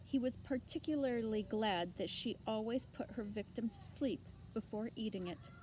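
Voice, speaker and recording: A woman's voice: a little high, normal speed, few pauses, dark tone, a little hiss or hum. A woman teacher reading a children's novel aloud expressively, with asides to her listeners.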